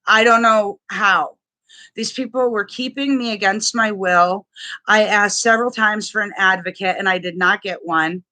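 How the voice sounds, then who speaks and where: Blunt, angry woman with a bright voice. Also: mid-range voice, normal speed. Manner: blunt and profane, with heavy swearing and restarts; indignant and raw. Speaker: vlogger sharing a personal experience. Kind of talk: angry personal testimony vlog.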